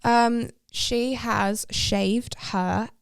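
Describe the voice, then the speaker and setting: A woman's voice: a little high, steady tone, drawn-out words, gravelly, smooth, no echo, clean studio sound. A woman co-hosting a podcast, chatting casually and gushing with enthusiasm. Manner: effusive and gushing. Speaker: podcast co-host. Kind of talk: casual chat.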